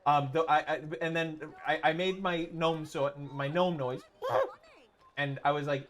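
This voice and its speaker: A man's voice: on the high side, fairly even intonation, measured pace, a bit bright. A man streaming, chatting casually and rambling through a story with many restarts and swearing.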